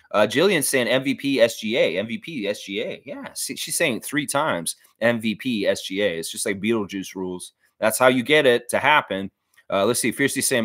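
Male livestream host, mid-pitched, lively and jokey, very dry close-mic sound. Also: no room sound. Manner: animated, jokey, puts on voices mid-sentence. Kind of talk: casual livestream chat reading comments.

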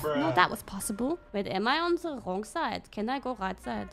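A young woman from Europe streaming a driving game, excitable and swearing often, breaking into shouts. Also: on the high side, a little fast, vocal fry. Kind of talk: live gameplay commentary. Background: game music.

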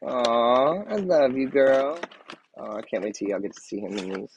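Excitable man gushing on a live stream. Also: mid-range voice, normal speed, dull audio, a little hiss or hum. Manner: gushing and excitable, lots of fillers and restarts. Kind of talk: casual live-stream gift unboxing.

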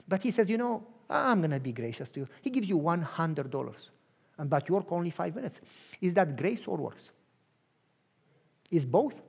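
A man preaching a sermon with a Romanian accent, acting out both sides of a dialogue and swinging from hushed lines to shouts. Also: high-pitched, very animated, brisk, gravelly, slightly rough. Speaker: pastor.

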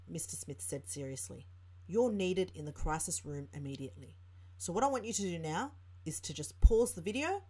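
A woman's voice: on the low side, husky. A woman tutor with an Australian accent, explaining a writing lesson and reading example sentences aloud. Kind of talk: teaching lesson narration.

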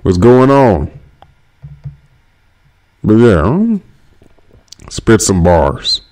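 A young man from Northern California talks straight into his phone for a casual livestream. His voice is one his viewers single out, and he keeps the chat light and joking, firing off shout-outs one after another. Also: sits low. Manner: loose and jokey, rattling off shout-outs. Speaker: livestream host. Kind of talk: casual livestream chat reading comments aloud.

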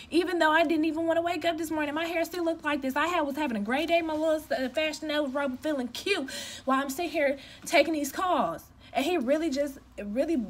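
Ranting straight at the camera from home, a young adult customer care representative speaks in a high, slightly bright voice. She is blunt and emphatic, venting casually in a no-nonsense manner.

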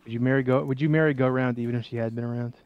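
A young man playing a game with a friend, teasing and trolling him in a deadpan way. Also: medium pitch, rapid-fire, clean tone, muffled recording. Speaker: co-op gaming guest. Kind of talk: casual co-op gameplay banter.

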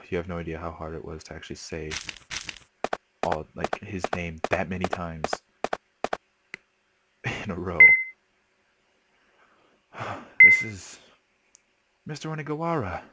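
A young man giving casual, excitable commentary while playing a video game, swearing freely. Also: low voice, unhurried, pauses often, very noisy. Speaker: let's play gamer.

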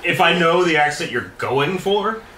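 Lively wisecracking man, roomy sound. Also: on the high side, normal speed, background noise. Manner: wisecracking, playful. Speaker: podcast co-host. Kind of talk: casual podcast chat.

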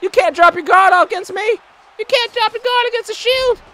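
A man's voice: extremely high pitch, fairly quick, slight background noise, pitched above the performer's own voice. A man voicing a cocky, trash-talking male wrestling champion, taunting and swearing in character. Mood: boastful, taunting. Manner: taunting, profane, boastful shouting. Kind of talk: in-character trash talk over gameplay.

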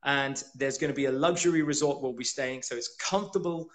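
A man's voice: medium pitch, a little fast. A man co-hosting a casual motivational chat, speaking in an emphatic, rousing way. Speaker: co-host, retreat leader.

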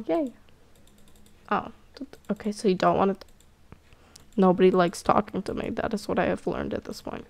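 Woman gamer, casual and excitable, gravelly fry in the voice. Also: medium pitch, moderate pace, long pauses. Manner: giggly, excitable, self-mocking. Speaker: gamer playing a cat role-play game. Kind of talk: casual let's-play commentary.

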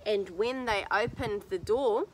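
A woman reading a picture book aloud to children outdoors in a garden, telling it with animated expression. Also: mid-range voice, unhurried. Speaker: children's story reader.

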